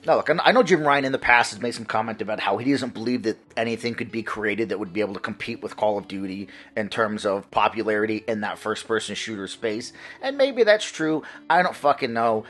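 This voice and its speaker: A man's voice: mid-range voice, a bit bright. A man hosting a gaming vlog, ranting in a profane, heated and mocking way. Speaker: gaming channel host.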